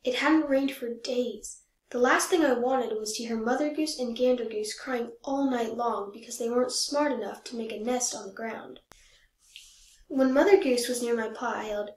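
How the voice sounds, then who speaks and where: A woman reading a children's picture book aloud in a gentle, measured storytelling voice. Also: fairly high pitch. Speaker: storybook reader. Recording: echoey room.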